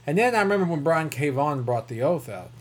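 Man, rural southern american accent, slightly high voice, rambling, self-correcting, podcast host. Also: animated, fast talker. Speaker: comic book podcast host. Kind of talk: casual review chat.

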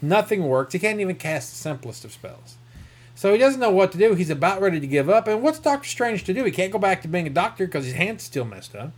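A man's voice: sits high, big pitch swings, fast talker, husky. A man with a rural Southern American accent, rambling through a casual comic book review with self-corrections and chuckles. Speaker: comic book podcast host.

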